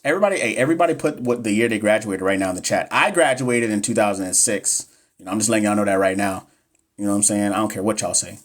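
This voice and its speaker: A man's voice: fairly low pitch, fast talker. A man in his thirties tutoring nurses on a livestream, reading exam questions and joking with the chat. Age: 30s. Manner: chatty, joking, reads questions aloud to the chat. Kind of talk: casual livestream teaching.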